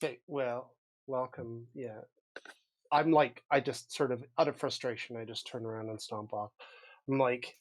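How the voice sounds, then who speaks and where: A man's voice: medium pitch, moderate pace. Chatty man playing a tabletop game. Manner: lively, thinks aloud with many likes and restarts. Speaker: player. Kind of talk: casual tabletop play.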